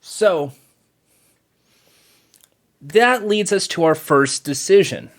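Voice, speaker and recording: A man's voice: high voice, animated, slow pace. A male show host bantering in a playful, joking way, often laughing. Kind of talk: comedic banter.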